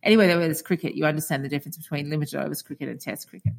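A woman in her forties with an Australian accent, co-hosting a casual podcast chat and telling lively stories. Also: low voice, rapid-fire, gravelly. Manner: chatty storyteller, acts out quoted dialogue. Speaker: podcast co-host.

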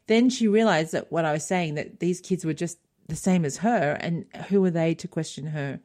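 Animated woman retelling conversations. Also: on the low side, moderate pace. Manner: animated retelling, acts out quotes. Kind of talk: casual chat.

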